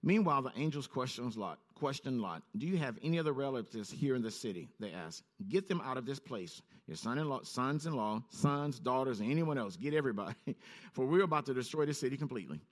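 Quick-paced, a preacher intones scripture in a low, even voice, and when he turns to commentary his pitch rises abruptly.

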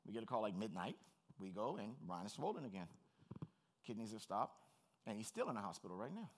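A man's voice: lowish voice, big pitch swings, a little fast. A middle-aged man preaching a sermon as pastor, earnest, personal and plain-spoken.

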